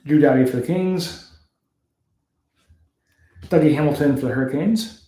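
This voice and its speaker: Hosting a card break, this Canadian man casually calls out player names and laughs whenever one is hard to pronounce. He speaks at an unhurried pace in a fairly high, warm voice. The recording has a roomy sound.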